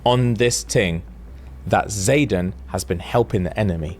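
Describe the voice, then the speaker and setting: A young man, casually retelling a book's plot on a podcast in animated, slangy talk. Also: fairly low pitch, measured pace, a little hiss or hum. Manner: slangy, animated, acts out characters. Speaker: podcast co-host.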